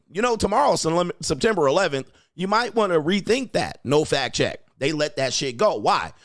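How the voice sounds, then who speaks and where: A man hosting a commentary show, delivering an opinionated, animated monologue with cursing and acted-out quotes. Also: on the high side, dry recording, studio quality. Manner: animated, ranting, acts out quoted voices, curses.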